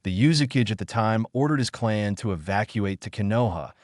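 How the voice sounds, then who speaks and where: A man's voice: lowish voice, expressive, brisk, a little mellow, no echo, studio quality, close to an everyday voice. A man voicing a confident teenage boy ninja explaining himself in a storybook reading. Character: brash teen male ninja, self-assured.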